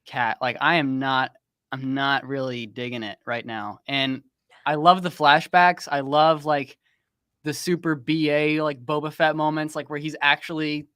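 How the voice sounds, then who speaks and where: A man's voice: fairly high pitch, fairly even intonation, unhurried, pushed and bright, clean tone, no room sound, studio quality. A man who creates fan films, chatting casually with a teasing, filler-heavy way of talking. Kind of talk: casual chat.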